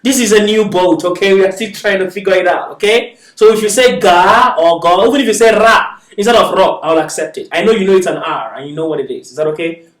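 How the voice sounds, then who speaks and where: Speaking at a quick pace with lively intonation, a high-pitched male Arabic teacher gives a patient lecture. He sounds distant in an echoey classroom and often checks understanding by asking "is that okay?"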